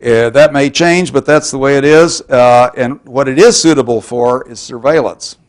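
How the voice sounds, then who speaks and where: Wry Texan lecturer, a man. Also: medium pitch. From Texas. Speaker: university lecturer. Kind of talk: public lecture.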